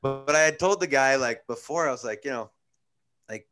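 A man's voice: medium pitch, brisk. A man in his thirties, a guest telling stories casually and rambling with lots of fillers. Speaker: guest, pro baseball pitcher. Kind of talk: casual storytelling.

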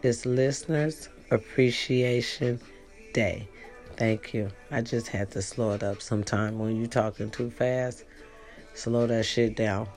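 A woman's voice: a bass voice, steady tone, a little slow, darkish tone, soft background music. A woman hosting a podcast, chatting casually and playfully to her listeners in a rambling, teasing way. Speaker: podcast host.

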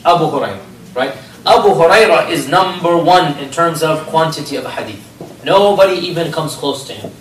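A man's voice: on the high side, lively intonation, normal speed, a little hiss or hum. A man teaching religious history as a story, asking rhetorical questions and using Arabic phrases. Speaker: Islamic history lecturer. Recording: roomy, distant mic, faint ambience.

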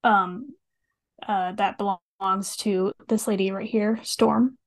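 A woman's voice: mid-range voice, fairly even intonation, takes it slowly. A woman co-hosting a podcast in casual chat, playful and nerdy, swearing now and then. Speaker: podcast co-host.

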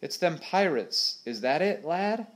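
A gruff older sailor from a storybook, folksy and slow, with rough country grammar, as a man reading aloud puts him on. He comes out noticeably higher and stretched compared with the reader's plain voice. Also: big pitch swings. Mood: puzzled.

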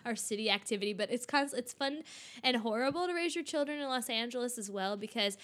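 Chatty mom, high and bright, tells stories with lots of voices. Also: female voice, fast. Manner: animated storyteller who acts out her daughter's lines. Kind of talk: casual chat. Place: home in a big city.

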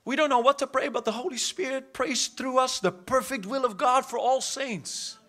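A man preaching a charismatic sermon in a church hall, his voice sitting unusually high. He swings from loud, fervent exhortation to quiet asides, and his tone rings bright and forceful through a stage mic. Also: normal speed. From South Africa. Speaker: pastor.

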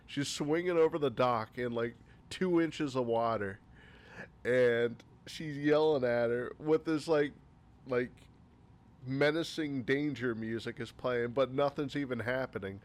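A man's voice: medium pitch, measured pace. Rambling man griping about movies. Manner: rambling, filler-heavy, exasperated. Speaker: movie reviewer. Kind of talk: casual list-style movie critique.

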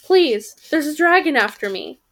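A woman's voice: sits high, lively intonation, slow, dark tone, voice pushed up. Woman voicing a desperate girl pleading. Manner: urgent, pleading. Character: frightened young girl fleeing a dragon.

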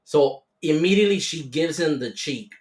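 A podcast host reads out stories that listeners sent in, in a loose, casual way, with "like" scattered all through. The voice sits at a middle pitch, and a roomy echo hangs around it. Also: lively intonation, moderate pace, darkish tone. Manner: casual, loose, says like a lot.

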